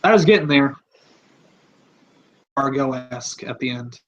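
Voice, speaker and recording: A man's voice: medium pitch, lively intonation, a little slow, dull audio. A man hosting a podcast, talking in a rambling, offhand, casual way and swearing freely. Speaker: podcast host.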